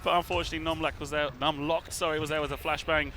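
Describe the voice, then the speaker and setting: A man giving color commentary on an esports match, chatty and quick to laugh. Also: fairly high pitch, slight background noise. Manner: chatty, laughs easily, animated recaps.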